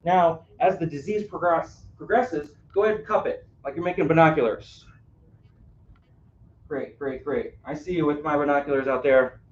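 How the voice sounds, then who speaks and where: A man's voice: a little high, moderate pace. Man teaching a roomy workshop, often asking "right?". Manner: engaging, asks the audience questions, frequent "right?". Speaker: caregiving workshop presenter. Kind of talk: live interactive workshop talk. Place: room on a cruise ship, live audience. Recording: roomy, distant, dull audio.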